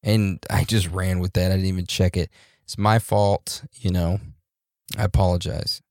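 A man co-hosting a podcast in a relaxed, joking way, reading out listener reviews with loose fillers and laughs. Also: deep voice, moderate pace, no echo, clean studio sound. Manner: laid-back, laughs and jokes, loose fillers. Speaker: podcast co-host.

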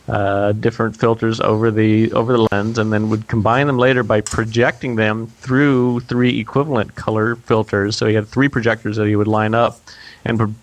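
A man hosting a podcast in casual chat, relaxed and halting, with frequent restarts and fillers. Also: lowish voice. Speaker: podcast host.

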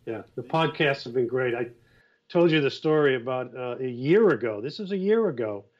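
A man telling stories in a relaxed way as a podcast guest, with many fillers. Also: mid-range voice, normal speed. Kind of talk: casual podcast chat. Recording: dull, lo-fi audio.

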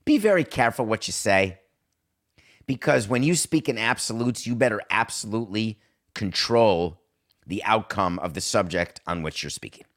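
Sarcastic middle-aged guy doing a sports rant, kinda low voice, lots of mocking. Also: lively intonation, moderate pace, a bit bright. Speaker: podcast host. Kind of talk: sports talk monologue.

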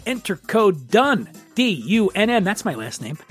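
A man's voice: high voice, very animated, unhurried, breathy edge, soft background music. A man hosting a podcast and reading sponsor ads in a jokey, rambling, self-mocking way. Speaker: podcast host. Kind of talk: casual ad read.

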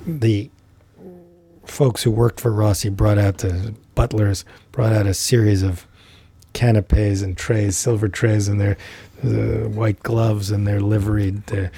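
A man's voice: lowish voice, level tone, measured pace, gravelly, dark tone, slightly rough. A man, a podcast guest, animatedly telling a vivid anecdote. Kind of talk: anecdotal storytelling.

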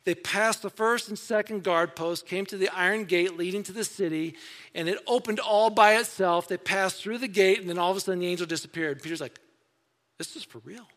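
Male pastor, casual storytelling sermon, high bright voice, long hall echo. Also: a little fast. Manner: conversational storytelling, acting out voices.

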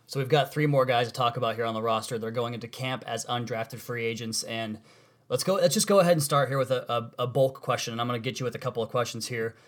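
A man's voice: mid-range voice, fast talker. A man hosting a casual football podcast, asking long multi-part questions with self-deprecating asides. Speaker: podcast host. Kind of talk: casual sports podcast interview.

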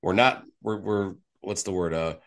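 A man's voice: sits low, normal speed, fairly bright tone. A man co-hosting a sports podcast, rambling and teasing his co-host while searching for words. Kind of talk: casual sports podcast chat.

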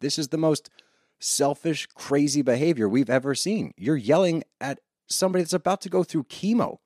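Ranting, profane man with a lively voice. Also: a little high, no echo, clean studio sound. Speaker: podcast co-host. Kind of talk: heated casual recap chat.

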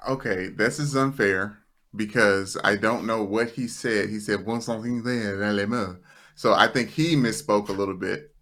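A man's voice: fairly low pitch, normal speed, fairly bright tone. A man who produces the podcast, joking and defending himself in casual chat.

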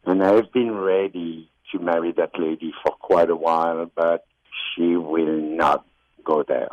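Hesitant French caller on a muffled line. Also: male voice, low voice, steady tone, no room sound. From France. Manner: hesitant, halting with pauses. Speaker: radio caller.

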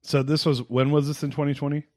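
A man's voice: on the high side, flat delivery, quick pace, darkish tone, no echo, clean studio sound. A man hosting a podcast, asking curious questions in a casual, conversational way. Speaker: podcast host. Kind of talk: casual interview.

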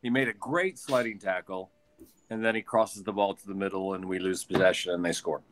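Lower-voiced easygoing Midwestern man. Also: fairly even intonation, brisk, fairly bright tone. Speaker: podcast co-host. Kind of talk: casual sports chat.

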